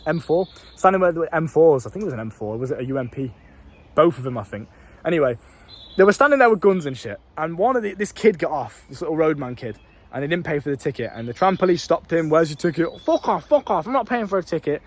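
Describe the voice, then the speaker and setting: Young man, blunt casual talk, swears a lot, slightly high voice. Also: lively intonation, quick pace. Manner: blunt, swears freely, storytelling. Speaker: dating coach vlogger. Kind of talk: casual monologue to camera.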